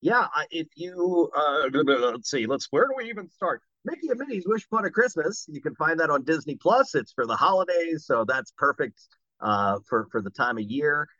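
Casting note: bright, lively male voice actor, dry and slightly muffled mic. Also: fairly high pitch, moderate pace, dry recording. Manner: animated storyteller who slips into voices. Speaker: voice actor guest. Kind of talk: casual podcast chat.

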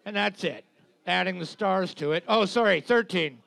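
A man keeping score at a bar trivia night, reading team numbers and trading dark deadpan jokes. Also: high-pitched, normal speed, vocal fry. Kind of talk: casual banter and reading scores. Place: bar room with audience.

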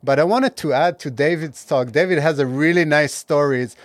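Halting man in casual discussion. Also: on the high side, dry recording. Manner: halting, restarts often, says "like" a lot.

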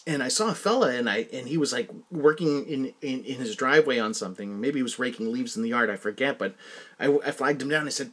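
A man's voice: medium pitch, expressive, fast, fairly bright tone, husky. A man hosting a solo podcast, telling casual anecdotes in a rambling, self-correcting way. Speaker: podcast host.

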